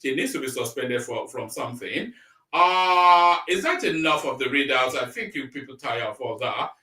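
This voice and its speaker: A man's voice: medium pitch, animated, normal speed, bright, forceful tone. A man hosting a live stream, reading news aloud and breaking off into rambling, blunt, mocking asides. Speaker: live-stream commentary host. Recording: echoey room, voice a bit far from mic.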